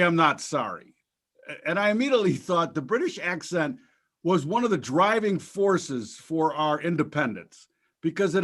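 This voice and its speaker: A man's voice: a little high, fairly bright tone. A man co-hosting a markets talk show, chatting casually in a blunt, profane, joking way.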